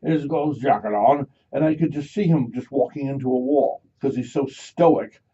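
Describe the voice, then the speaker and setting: A man's voice: medium pitch, moderate pace, slightly rough, dull audio. Older male radio host, rambling. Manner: rambling, animated storyteller. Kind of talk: casual radio chat.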